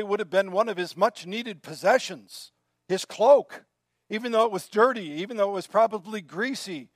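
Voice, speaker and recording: A man preaching a sermon in an earnest way, often dropping to a soft, quiet voice. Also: high voice, no echo, clean studio sound. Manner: earnest, drops to soft quiet tones when moved. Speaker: pastor.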